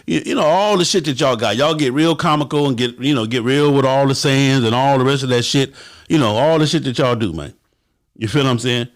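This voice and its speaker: A man's voice: medium pitch, expressive, fast talker. A man hosting a livestream for his motorcycle club, giving blunt, profane advice to viewers and acting out quotes in a raised voice.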